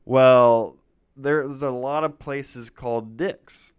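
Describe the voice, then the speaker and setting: Young male podcast co-host, smooth voice, chatty storyteller. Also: slow pace. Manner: animated storyteller, jumps into loud high-pitched impressions. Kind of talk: casual storytelling chat.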